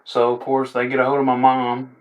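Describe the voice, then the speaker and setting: Young man, casual storyteller, laid-back and rambling, average pitch. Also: completely flat delivery, fairly quick. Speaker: vlogger telling funny stories.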